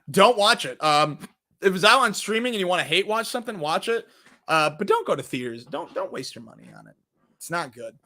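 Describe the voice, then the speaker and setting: A man's voice: high-pitched, pushed and bright. A man hosting a casual movie review show, talking animatedly, swearing freely and acting out quotes.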